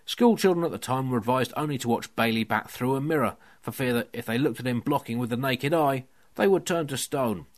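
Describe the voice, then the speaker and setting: A man's voice: medium pitch, fairly quick. A man hosting a comedy podcast, delivering a scripted monologue in a dry, mock-serious way. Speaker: podcast host. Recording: music playing underneath.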